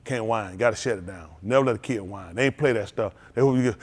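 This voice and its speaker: A middle-aged man, preaching an animated sermon as pastor, laughing and calling out to the congregation. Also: fairly low pitch, fast. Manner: animated preaching with laughs and audience call-outs.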